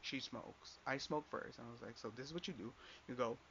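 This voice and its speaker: A man's voice: medium pitch, a little fast, vocal fry, a bit bright. A young man telling a personal story in a casual rant, rambling with lots of filler and swearing as he quotes others. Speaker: podcast host. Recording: dull lo-fi sound with faint background noise.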